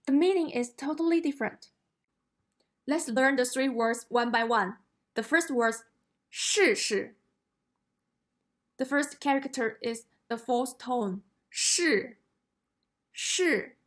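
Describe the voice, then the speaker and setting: A woman's voice: high-pitched, moderate pace. A woman whose first language is Chinese, teaching a language lesson, explaining carefully and demonstrating tones aloud.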